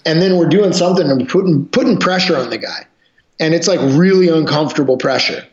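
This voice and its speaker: A man, a martial arts instructor and podcast guest, telling gym stories in a profane, animated way. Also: fairly high pitch, a little fast. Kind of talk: casual podcast chat. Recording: roomy, dull lo-fi sound.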